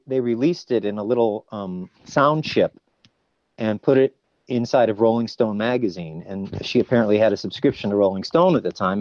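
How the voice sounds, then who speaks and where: A man's voice: on the low side, no echo, muffled recording. A man in a casual podcast interview, telling stories with energy and dropping into character voices now and then. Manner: animated storyteller, breaks into character voices. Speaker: voice actor guest.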